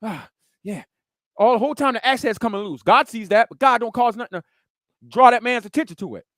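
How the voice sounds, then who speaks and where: Animated high-voiced preacher. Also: male voice, a little fast, no echo, clean studio sound. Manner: animated, acts out scenes and sounds. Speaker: pastor. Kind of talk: preaching a sermon.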